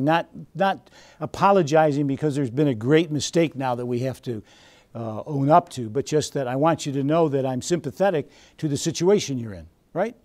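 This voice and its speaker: A man leads a training seminar in a lively, engaging way. He fires questions at the group and steps into little role-plays to make his points. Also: mid-range voice, moderate pace. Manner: animated, quizzes the audience and acts out scenes. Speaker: seminar presenter. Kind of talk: interactive seminar teaching.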